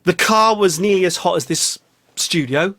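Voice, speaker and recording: Rambling English man, slightly high voice. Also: moderate pace, a bit bright. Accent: English, London. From England. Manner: rambling, self-mocking, big swings of voice. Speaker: vlogger. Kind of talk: rambling comic monologue. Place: small hot studio.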